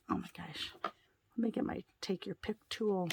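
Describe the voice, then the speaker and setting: A woman's voice: medium pitch, fairly even intonation, moderate pace, vocal fry, a little hiss or hum. A woman giving a casual card-making tutorial, chatting her way through each step as she works.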